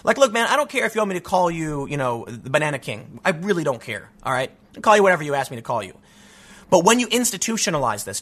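A man's voice: a little high, a bit bright. A man delivering a sarcastic, ranting opinion monologue as a commentary host.

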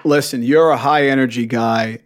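A man's voice: medium pitch, steady tone, normal speed. A man hosting a podcast, asking questions in a friendly, joking way. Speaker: podcast host. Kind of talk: casual podcast chat.

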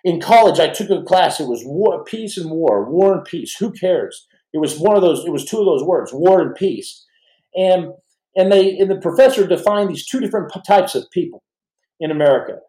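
This podcast host's voice sits high and dark-toned, expressive and moderately paced. The middle-aged man speaks fervently to his live audience in a rambling way full of restarts, captured with a roomy echo.

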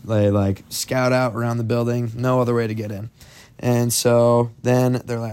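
This young man's voice is mid-range, smooth and somewhat dark, with little pitch movement and a moderate pace. Telling friends a spooky story for a podcast, he rambles casually, with plenty of "like" and "um."

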